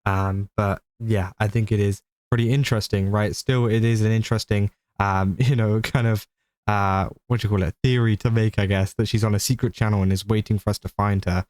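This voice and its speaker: Casting: young british guy, low voice, dry close sound, loose rambling reaction commentary. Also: fairly even intonation, a little fast, darkish tone, no echo. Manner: rambling, many fillers and restarts.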